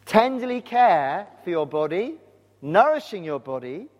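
A man's voice: sits high, sing-song, unhurried. Earnest male preacher in a reverberant hall. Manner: earnest, direct questions to the congregation. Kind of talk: sermon. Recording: long reverb of a large hall.

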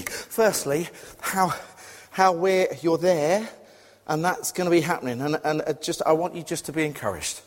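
A man preaching a lively sermon to a congregation, telling stories with sudden loud excited bursts. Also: on the high side, a little slow. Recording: long hall reverb.

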